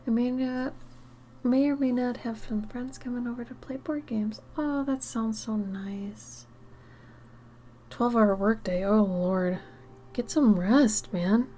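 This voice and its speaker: A tired woman chatting casually with viewers while she draws on a livestream, soft-spoken and often dropping into half-whispered asides. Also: a little high, slow, slight background noise. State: tired, yawning. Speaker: art livestreamer. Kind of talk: casual chat while drawing on stream.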